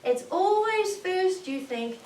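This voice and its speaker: A woman channeling a jovial, earnest male alien star commander, preaching slowly and emphatically with rhetorical questions, in a roomy recording from a distant mic. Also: very high-pitched, lively intonation, a little mellow, a little hiss or hum, heavily acted. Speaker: spirit channeler. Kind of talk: channeled spiritual message.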